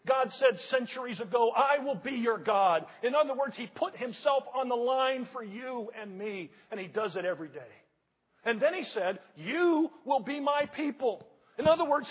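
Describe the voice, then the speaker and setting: A man's voice: extremely high pitch, slightly rough. A man preaching a sermon in a church, driving his points home with repeated rhetorical questions to the congregation. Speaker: pastor. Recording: dull audio with long hall reverb.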